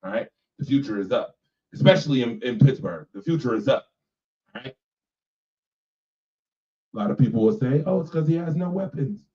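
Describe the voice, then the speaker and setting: Animated man ranting about sports, echoey. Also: mid-range voice. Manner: animated, emphatic, repeats lines for effect; laughs between remarks. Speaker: radio show host. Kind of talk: casual sports rant. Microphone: personal microphone. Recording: echoey, distant, dull mic sound.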